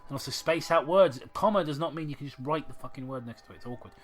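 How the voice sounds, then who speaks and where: A man's voice: fairly high pitch, fast. A man reading a story aloud as a podcast host, sarcastic and swearing as he rants about it. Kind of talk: comedic story reading and commentary.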